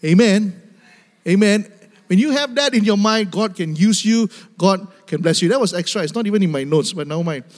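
High-voiced preacher in a reverberant hall. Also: male voice, lively intonation, moderate pace. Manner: emphatic, repetitive, addresses the church directly, laughs often. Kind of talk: sermon. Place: church hall.

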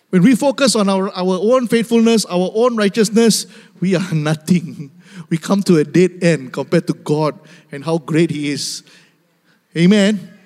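A man's voice: high voice, a little slow, darkish tone. A male preacher delivering an emphatic, repetitive sermon, speaking directly to the church and laughing often. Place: church hall. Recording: long hall reverb.

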